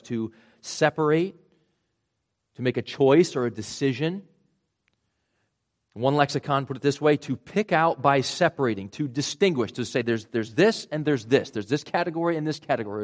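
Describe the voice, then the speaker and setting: Conversational pastor with a Rhode Island accent. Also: male voice, mid-range voice. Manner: conversational, explains step by step with asides. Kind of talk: sermon.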